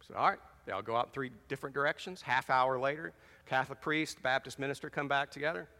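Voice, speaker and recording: A man preaching a sermon as pastor, animated, telling jokes and reading scripture with dramatic emphasis. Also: medium pitch, quick pace. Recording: long reverb of a large hall.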